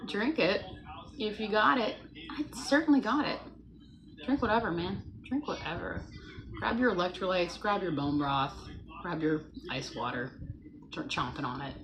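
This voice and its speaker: A woman's voice: on the low side, normal speed, lo-fi sound, background noise. A woman hosting a casual morning livestream, chatty and playful, greeting viewers by name as she talks. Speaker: livestream host.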